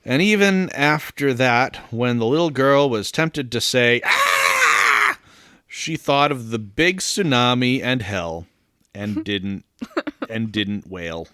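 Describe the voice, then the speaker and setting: A man co-hosting a comedy podcast, reading a story aloud and joking, giggly and animated. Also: medium pitch, slow pace, smooth, no room sound, clean studio sound. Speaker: co-host and story reader. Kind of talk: comic story reading with ad-libs.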